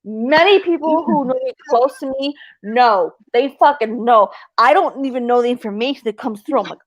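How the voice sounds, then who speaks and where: Woman on a livestream, kinda high voice, super emphatic, swears a lot, dry sound. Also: normal speed, no room sound. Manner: emphatic, swears freely, repeats herself. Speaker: livestream host and medium. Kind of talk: casual livestream chat.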